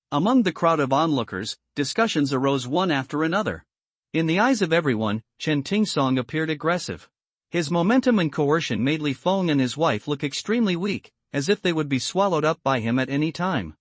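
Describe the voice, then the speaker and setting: A man narrating a story recap in a steady, even reading voice, reading the characters' lines without putting on voices. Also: fairly high pitch, normal speed, dry recording.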